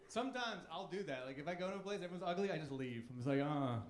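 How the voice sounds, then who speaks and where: Cocky high-voiced man doing stand-up. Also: lively intonation, very fast, a little hiss or hum. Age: 30s. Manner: cocky, provocative, crude. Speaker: stand-up comedian. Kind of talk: stand-up routine. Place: comedy club stage. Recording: echoey club room.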